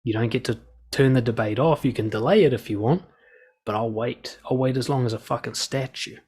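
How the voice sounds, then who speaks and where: A man with a gravelly, slightly husky voice gives blunt, direct advice and swears freely. He talks straight to the listener and acts out quoted lines as he goes. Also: mid-range voice, fairly quick, a little mellow. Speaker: dating and confidence coach.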